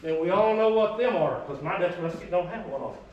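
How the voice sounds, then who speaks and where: A man acting as a reenactor gives a group an informal, emphatic history talk, folksy and conversational with drawling asides. His high voice is animated and quick, and the muffled recording comes from an echoey room with him heard at a distance.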